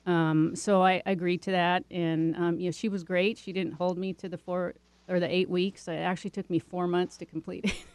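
A woman's voice: lowish voice, level tone, moderate pace, darkish tone, clean tone, dry recording. Chatty woman with a dry, close sound. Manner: chatty, with many fillers and restarts. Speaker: interview guest. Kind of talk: casual storytelling.

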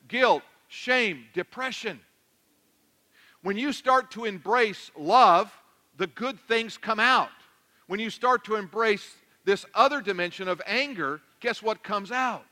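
A male pastor preaching a sermon, animated and joking, swinging between loud declarations and hushed asides. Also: high voice.

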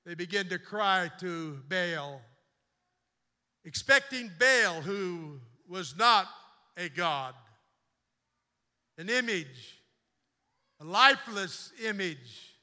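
Fervent high-voiced preaching man. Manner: fervent preaching, swinging from quiet storytelling to loud exhortation. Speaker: bishop preaching. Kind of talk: sermon. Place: church sanctuary. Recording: long church reverb.

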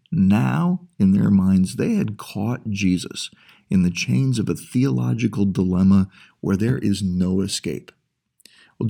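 A male pastor delivering a sermon in a deep, gravelly voice with a husky edge. He talks his listeners through the point step by step, asking rhetorical questions along the way. The tone is dark and mellow.

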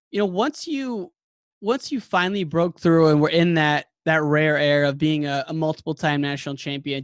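A man's voice: a little high, no room sound. Dry-sounding man hosting an interview. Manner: conversational, prompting questions with easy laughs. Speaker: host, interviewer. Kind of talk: casual interview.

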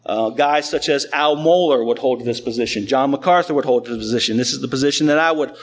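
A man pastor preaching a sermon to a congregation in an animated, conversational, storytelling way. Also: medium pitch, quick pace.

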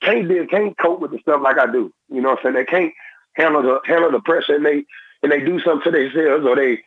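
Young man, former football player, husky voice, dry tinny phone sound, halting and repetitive. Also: on the high side, dry recording. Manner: halting and repetitive, restarts phrases. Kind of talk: phone-in interview.

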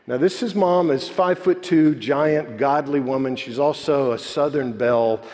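A man preaching a sermon, moving between animated preaching and soft, quiet storytelling. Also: medium pitch, normal speed. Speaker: pastor. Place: church sanctuary. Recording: long hall reverb.

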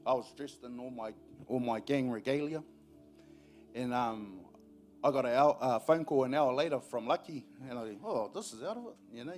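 A man's voice: mid-range voice, normal speed, a little mellow, soft background music. A man with a New Zealand accent giving a casual personal testimony in a church service, telling a story with frequent laughs.

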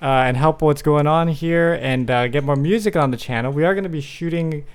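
A man hosting a casual talk show, relaxed and rambling with fillers. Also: fairly high pitch, brisk, clear, resonant tone. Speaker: podcast host. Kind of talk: casual chat.

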